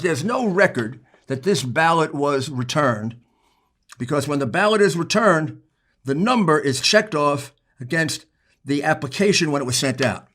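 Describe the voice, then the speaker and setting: A man giving a political speech, emphatic and building to forceful outbursts. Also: a little high. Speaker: speaker addressing lawmakers.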